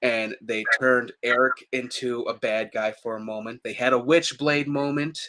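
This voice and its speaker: Bright-voiced animated man chatting. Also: mid-range voice, normal speed. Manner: animated, laughs often, acts out quotes in raised voices. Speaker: podcast co-host. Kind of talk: casual chat.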